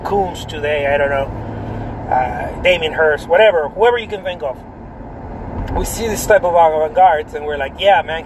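A man's voice: a little high, a little hiss or hum, rough recording. A man, an artist, chatting casually about art, rambling, repeating himself and tagging lines with "right?". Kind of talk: casual vlog talk.

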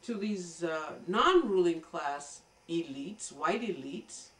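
A woman's voice: lowish voice, expressive, slow, a bit bright. An American woman giving an emphatic political commentary monologue, lecturing and addressing her viewers directly. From United States. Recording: roomy echo, voice from a distance.

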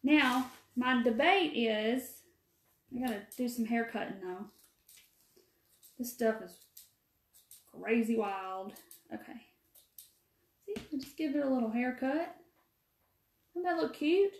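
A woman with a warm Mississippi drawl hosts a live craft stream, rambling in a folksy way and greeting viewers by name. Her voice sits a little high. The sound carries a roomy echo, as if she were in a bare room. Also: lively intonation, takes it slowly, pauses often. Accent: Southern US, Mississippi. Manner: folksy, talkative, answers viewer comments by name. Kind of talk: chatty live craft demo. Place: empty room. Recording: echoey room.

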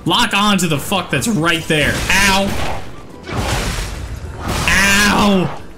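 A man giving gameplay commentary, excitable, yelping and swearing at the game. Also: sits high, extremely slow, music in the background. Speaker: gaming channel host.

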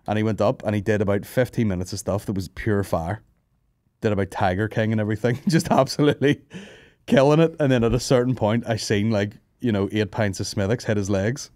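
A man's voice: on the low side, brisk, a little mellow, no room sound. A man hosting a comedy podcast, telling rambling, sweary stories, laughing and mimicking people. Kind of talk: casual storytelling chat.

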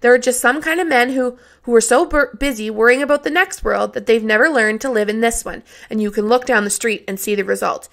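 A woman voicing a sharp-tongued older neighbor woman who speaks in a measured, dry and blunt way. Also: a little high, vocal fry. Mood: grave.

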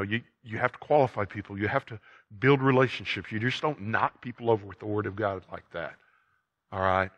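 An older man preaching a sermon as a pastor, folksy and emphatic, rising loud and dropping low.

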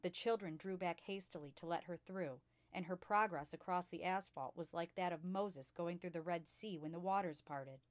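Lower-voiced woman reading a storybook. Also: normal speed, few pauses, no room sound. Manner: lively expressive read-aloud. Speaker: storytime reader. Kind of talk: reading a children's book aloud.

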